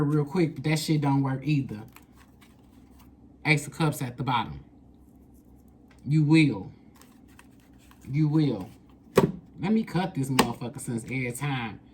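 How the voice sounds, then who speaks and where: Low-voiced profane woman tarot reader. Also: moderate pace, long pauses, darkish tone, a little hiss or hum. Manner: blunt and profane, emphatic repetition. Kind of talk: casual tarot reading.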